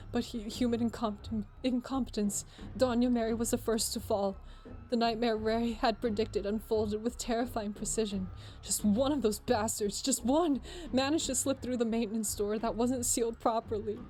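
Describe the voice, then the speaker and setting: Expressive young woman streamer reading a game. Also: fairly high pitch, slight background noise. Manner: expressive, swears often, shrieks when startled. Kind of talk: let's play, reading aloud and reacting.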